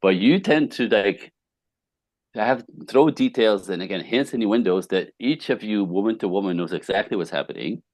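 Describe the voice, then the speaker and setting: A man's voice: fairly low pitch, normal speed, a little mellow, no echo. A middle-aged man, a podcast guest, telling relationship stories with emphasis and acting out the dialogue. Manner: emphatic storyteller, acts out dialogue, laughs often. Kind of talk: animated conversational interview.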